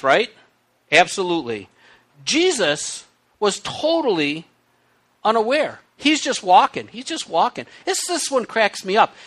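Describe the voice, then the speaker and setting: A man preaching a sermon with hiccups, reading scripture aloud and explaining it in an animated, conversational way. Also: high voice. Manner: animated, conversational teaching with asides. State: has the hiccups.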